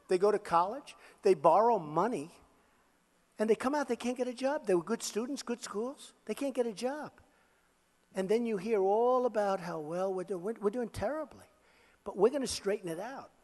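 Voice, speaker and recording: An older man giving a rally speech as a political candidate, boastful and repetitive, talking off the cuff from a podium microphone in a large hall. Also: high-pitched. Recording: echoey rally hall reverb.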